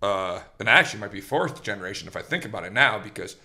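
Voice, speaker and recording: A man hosting a podcast, telling a long, rambling story in an animated, casual way, with restarts and quoted lines. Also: on the low side, quick pace. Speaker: host.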